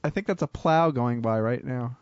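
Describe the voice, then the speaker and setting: A man hosting a casual studio show, trading deadpan wisecracks. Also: mid-range voice, moderate pace, smooth, dry recording, highs cut off. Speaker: podcast host. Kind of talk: casual banter.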